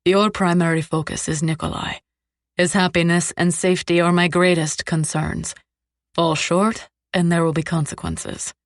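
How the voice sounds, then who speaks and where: A woman voicing a cold, commanding male crime boss who speaks calmly and with clipped threat. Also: fairly low pitch, normal speed, no echo, clean studio sound, natural voice. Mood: menacing.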